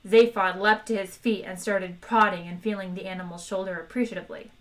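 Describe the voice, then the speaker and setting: A woman's voice: mid-range voice, fairly quick, hardly any pauses, rough recording. Woman reading a novel aloud on stream. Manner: lively narration, chats with viewers between passages. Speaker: book reader on a live stream. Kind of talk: expressive read-aloud with character voices.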